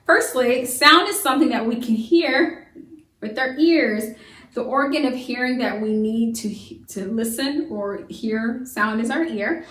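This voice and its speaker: A lively woman teacher leads a young class, firing off questions and answering them herself. Her voice sits a little high. She sounds a few steps back from the mic in an echoey room. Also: a little slow, far from the mic. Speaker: homeschool teacher. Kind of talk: children's science lesson to camera.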